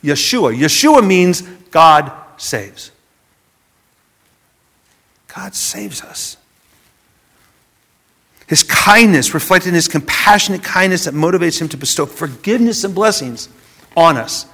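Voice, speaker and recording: A man preaching a sermon, dropping from loud emphasis to a hushed near-whisper and often repeating words as he goes. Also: a little high, expressive, normal speed. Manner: repeats words as he searches for phrasing.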